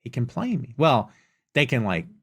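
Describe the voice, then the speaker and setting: A man's voice: medium pitch, sing-song, normal speed, a bit bright, breathy edge. A man with a Southern US accent hosting a live question-and-answer podcast. He rants emphatically and casually, repeating lines for effect. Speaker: podcast host.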